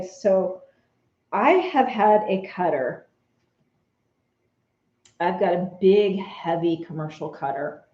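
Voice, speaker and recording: A woman chatting casually with viewers on a live vlog, animated and laughing often as she reads comments. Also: on the low side. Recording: roomy, dull lo-fi sound.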